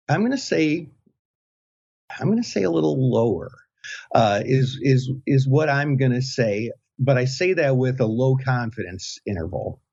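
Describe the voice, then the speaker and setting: A male podcast co-host with a husky, mellow voice that rambles and circles back on itself. He hesitates and restarts often while thinking aloud. The recording is dull and lo-fi. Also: medium pitch. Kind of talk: casual podcast chat. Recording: dull lo-fi sound.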